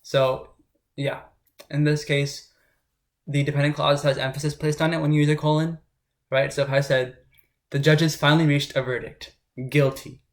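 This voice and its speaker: A man's voice: a little high, little pitch movement, normal speed, pauses often. Guy tutoring test prep, explains grammar loosely, keeps asking right?. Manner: informal, talks it through with frequent "right?" check-ins.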